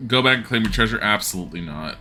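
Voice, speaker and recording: A man's voice: lowish voice, expressive, fast, sharp tone. A man streaming a game, chatting casually and muttering commands, and he laughs often. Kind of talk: casual live commentary while gaming.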